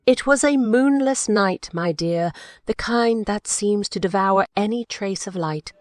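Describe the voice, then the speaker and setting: A woman voicing a frightened, grieving widow in an audiobook, speaking in a trembling, hushed voice. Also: mid-range voice, a little slow, dry recording, studio quality, voice pushed up, lightly acted. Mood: fearful. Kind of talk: audiobook character voice.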